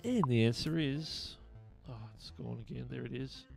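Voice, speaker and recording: A man's voice: medium pitch, normal speed, gravelly, faint music behind. A man with an Australian accent hosting a casual live-stream trivia show, chatting and reading viewer messages aloud. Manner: chatty, reads chat messages aloud, chuckles often. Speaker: livestream host.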